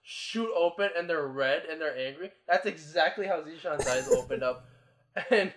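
A young man with a high voice, talking playfully in a casual chat. He acts out what other people said and giggles through his stories. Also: moderate pace, a bit bright.

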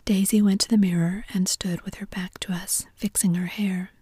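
A woman reading a novel aloud in a soft, even whisper, a whispered role-play with a close mic. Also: mid-range voice, normal speed, slightly rough. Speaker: reader.

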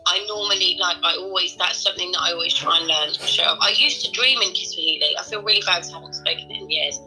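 A woman's voice: lowish voice, fast, pushed and bright, faint music behind, poor audio. A woman co-hosting a casual podcast, rambling playfully and swearing freely as she chats. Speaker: podcast co-host. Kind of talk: casual chat. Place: Devon, England.

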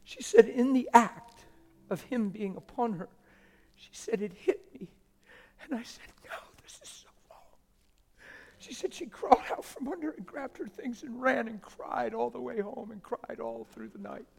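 A man preaching a sermon, dropping to hushed whispers and rising to loud, emotional exclamations. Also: very high voice, moderate pace, gravelly, breathy edge. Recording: long hall reverb with faint music.

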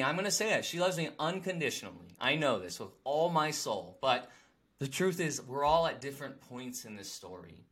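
A man talking openly and excitably in a heartfelt casual conversation. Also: mid-range voice, moderate pace. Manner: excitable and animated.

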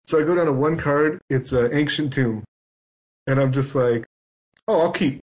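A man's voice: medium pitch, moderate pace, low-quality recording. A man on a podcast telling a long story in casual chat, acting out both sides of it. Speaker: guest.

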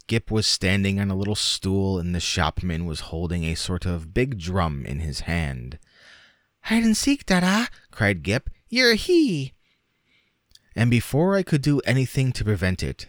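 A man narrating a classic short story as an audiobook, with lively, dramatic emphasis. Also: sits low, dry recording, studio quality.

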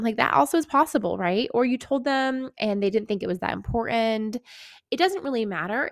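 A woman's voice: fairly high pitch, no room sound. Chatty woman podcast host, dry sound. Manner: chatty, many "like"s, acts out clients in quotes. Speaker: podcast host, acne coach. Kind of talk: casual podcast monologue.

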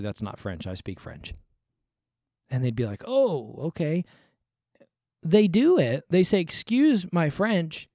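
A man's voice: on the high side, warm tone, no echo, clean studio sound. A man hosting a Christian podcast, talking emphatically and with exasperation, repeating himself for emphasis. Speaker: podcast host. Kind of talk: conversational Christian podcast commentary.

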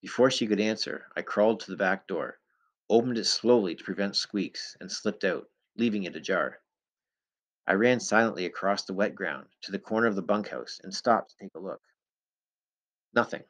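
A man reading a first-person story aloud in a steady, measured storytelling manner. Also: fairly low pitch. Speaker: audiobook narrator. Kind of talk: first-person scripted narration.

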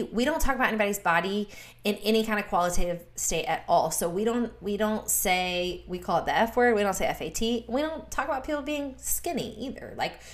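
A woman in her thirties speaking earnestly in a faith-based podcast conversation, repeating words for emphasis. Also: fairly high pitch. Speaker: guest speaker.

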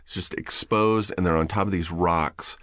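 A middle-aged man with a very low, deep voice spins a casual, swear-laden story as a podcast guest. He gets animated and laughs as he goes. The sound is close and dry, with no room around it. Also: normal speed, no echo.

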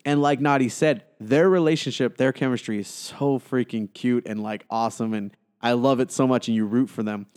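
A man hosting a relaxed movie podcast, retelling scenes with acted-out lines and plenty of fillers. His voice sits at an ordinary middle pitch. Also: normal speed, hardly any pauses, smooth. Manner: animated storyteller, acts out quotes, frequent fillers. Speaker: podcast host. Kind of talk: casual movie review chat.

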